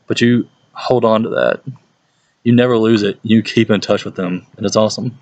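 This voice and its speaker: A young man, a youth pastor telling stories in a casual, animated way and often laughing. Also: on the low side, moderate pace, no room sound, highs cut off. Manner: animated storytelling, laughs often, puts on voices for people he quotes. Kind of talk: casual talk to a youth group.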